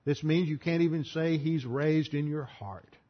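A man's voice: a little high, unhurried. A man teaching a Bible study lecture, working through an argument step by step and spelling out terms. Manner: methodical, explanatory, spells out terms. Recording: muffled lo-fi recording.

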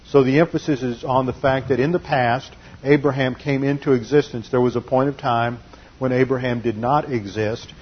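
A man's voice: medium pitch, husky, muffled recording. A man preaching a sermon, teaching carefully and explaining the meanings of Greek and Hebrew words.

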